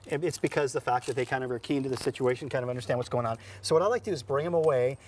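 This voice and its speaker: Racing along in a mid-range, slightly mellow voice, a man hosts an instructional dog training show. He explains techniques upbeat and conversationally, with plenty of fillers and restarts, over slight background noise.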